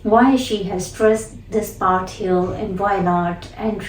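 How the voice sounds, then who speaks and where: Slow, deliberate woman English teacher. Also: mid-range voice, steady tone, roomy sound, far from the mic, slight background noise, poor audio. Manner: deliberate, explains then repeats phrases. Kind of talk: spoken lesson with demonstration.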